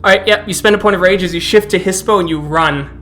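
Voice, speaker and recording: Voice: mid-range voice, fast talker, a bit bright. A game master narrating a tabletop role-playing game, laughing often.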